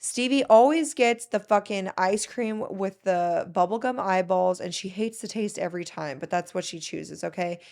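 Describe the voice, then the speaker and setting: A woman's voice: medium pitch, moderate pace, gravelly, few pauses, darkish tone. A woman in her thirties hosting a solo podcast, chatting casually and emotionally as she gushes and tells stories. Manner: chatty, emotional, gushing storyteller. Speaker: podcast host.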